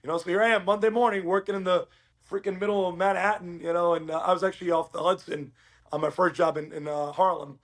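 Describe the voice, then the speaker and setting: Guest: middle-aged man from Uruguay, high voice, rapid lively storyteller. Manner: animated, acts out quoted dialogue. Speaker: podcast guest. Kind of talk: casual storytelling interview.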